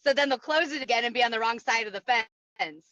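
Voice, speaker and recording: Woman, valley-girl chatter, slightly high voice, like-fillers, dull lo-fi audio, dry. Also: brisk, fairly bright tone, no echo. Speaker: guest. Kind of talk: casual podcast chat.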